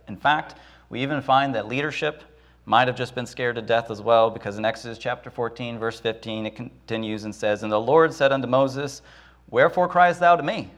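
A man with a mid-range, slightly bright voice preaches a sermon with dramatic rises and drops. In quick asides, he acts out the voices of the Israelites and Moses.

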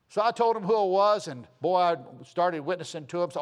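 A middle-aged man preaching a sermon, telling stories and swinging from loud to hushed. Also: sits high, fast, few pauses. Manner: folksy, animated storytelling with sudden loud and soft swings. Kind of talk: sermon with storytelling.

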